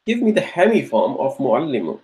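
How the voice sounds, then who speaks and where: Heard through poor audio, this man's medium-pitched, slightly mellow voice swoops wildly as he briskly leads a live online grammar lecture. He patiently repeats drill questions and encourages students, praising each by name when they answer.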